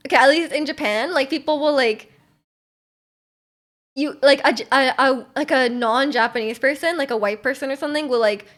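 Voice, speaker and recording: A woman's voice: high-pitched, a bit bright. A young woman from Canada, streaming and chatting casually while reading viewer messages, rambling with lots of fillers and giggly asides.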